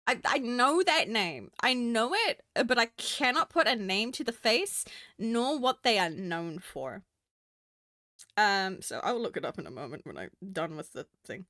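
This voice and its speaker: A woman's voice: medium pitch, big pitch swings, a little slow, sharp tone, dry recording, studio quality. A woman from New Zealand with a Kiwi accent, chatting casually on a stream and laughing often at herself. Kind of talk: casual stream chat while drawing.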